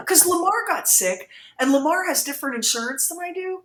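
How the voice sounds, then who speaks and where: A woman's voice: very high voice, animated, fairly quick, few pauses, a bit bright, echoey room. A woman co-hosting a radio show, joking in a casual chat as she reads listener comments aloud. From United States. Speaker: radio co-host.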